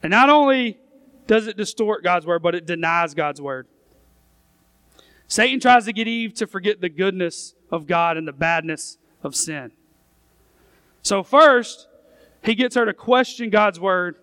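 High, smooth-voiced preaching man. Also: expressive, unhurried, pauses often, a bit bright, dry recording. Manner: emphatic preaching, reads scripture aloud, voices the questioning crowd. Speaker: pastor. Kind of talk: sermon.

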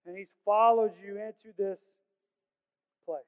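A male pastor with a high voice and fairly even intonation preaches a sermon a little slowly, sounding smooth, earnest, and conversational with casual slang. Recorded in a large church sanctuary, the audio is tinny and phone-like with long hall reverb.

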